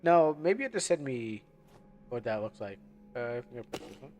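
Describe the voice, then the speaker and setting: A man's voice: medium pitch, lively intonation, a little fast, darkish tone, soft background music. Man rambling through live gameplay. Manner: rambling, chatty, loses his train of thought. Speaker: game streamer. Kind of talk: casual live gameplay commentary.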